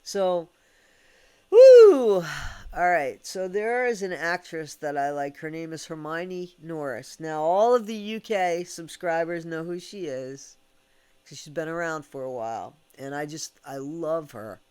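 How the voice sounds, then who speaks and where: A man's voice: a little high, a little slow, smooth. An American man telling a candid, rambling story at home, swearing casually and laughing between thoughts. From United States. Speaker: vlogger. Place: at home with his dog.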